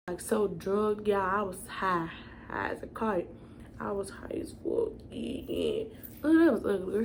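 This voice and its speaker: Young woman, casual storytime vlog, gravelly fry, faint background hiss. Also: medium pitch, darkish tone. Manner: casual, chatty, addresses viewers as y'all. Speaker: vlogger.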